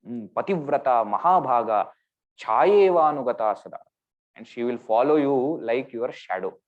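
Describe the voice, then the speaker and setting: A man with an Indian English accent giving a storytelling scripture discourse as a spiritual teacher, acting out the characters' words with sudden jumps in pitch. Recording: dull lo-fi recording.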